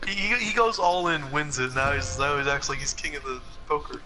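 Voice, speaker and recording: A man's voice: on the high side, a little fast, a crowd in the background, low-quality recording. A man playing a game with friends over voice chat, defensively explaining himself and laughing easily. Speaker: fellow player. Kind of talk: casual gaming chat.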